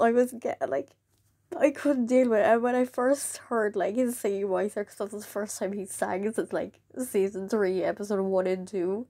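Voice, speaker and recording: A young vlogger chats casually to camera in a medium-pitched voice, rambling, full of "like"s and jumping into excited quoted voices. The sound is clean studio quality with no echo.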